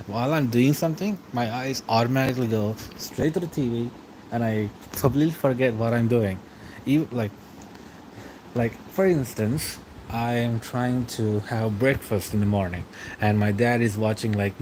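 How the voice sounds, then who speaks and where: Young male streamer, mid-pitched, rambling chat replies, faint vehicle hum behind. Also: darkish tone, rough recording. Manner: rambling, reads and answers chat, chuckles often. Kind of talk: casual late-night stream chat.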